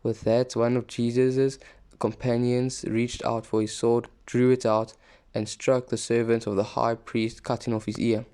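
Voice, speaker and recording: Man reading scripture in a flat, steady voice. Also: medium pitch, a little slow, smooth. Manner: steady reading with small slips and restarts. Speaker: scripture reader.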